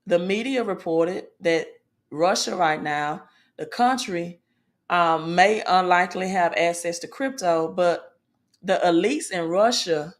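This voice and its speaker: A woman hosting a finance video, giving emphatic casual commentary and often asking "right?" along the way. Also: on the low side. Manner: emphatic, asks "right?" often, informal grammar.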